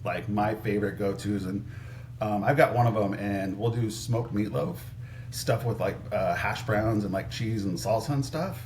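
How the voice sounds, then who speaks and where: A man in his thirties chats as a podcast guest, his voice sitting fairly low. He rambles through his stories with lots of "like" and false starts. A faint hiss sits under the recording. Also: normal speed, a little mellow. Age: 30s. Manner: rambling, heavy use of "like", frequent restarts. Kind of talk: casual storytelling chat.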